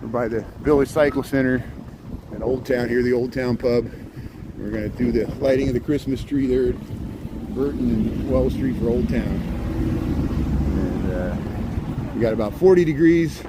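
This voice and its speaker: A folksy Midwestern man in his forties rambles through a walking livestream, talking into his phone as he goes. His voice is mid-pitched and plain. Clear traffic and city noise run behind him on the wet street. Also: moderate pace, pauses often. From Indiana. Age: 40s. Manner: folksy, rambling, repeats "here" and "there". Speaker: livestream host. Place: outdoors on a city street in light rain.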